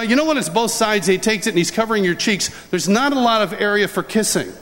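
A high-voiced preacher tells a heartfelt story during a sermon, animatedly acting out the dialogue of the people in it, before leading a prayer. The hall is reverberant, with faint ambience and slight background noise.

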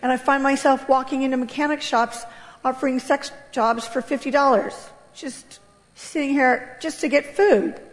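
A woman giving an emotional personal testimony to an audience, telling her story with emphatic, impassioned delivery and sudden leaps in pitch. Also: fairly even intonation, moderate pace. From United States. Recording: long reverb of a large hall.

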